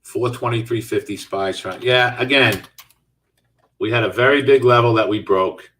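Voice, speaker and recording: A man's voice: mid-range voice, normal speed, a bit bright, far from the mic. A middle-aged man hosting a live trading stream, talking casually and answering viewer chat as he trades. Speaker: stock trading host.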